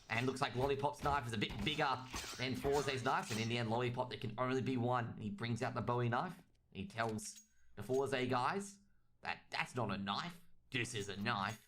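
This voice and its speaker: A man's voice: medium pitch, brisk, background noise, close to an everyday voice. A man putting on an exaggerated broad Australian accent, playing a swaggering outback bloke with theatrical bravado. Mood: hammed-up.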